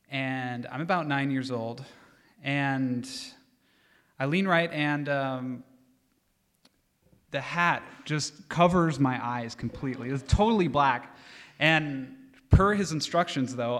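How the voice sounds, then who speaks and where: A man telling a comic personal story live on stage at a storytelling event, animated and getting louder as it builds. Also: fairly high pitch, unhurried. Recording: long hall reverb from a live venue.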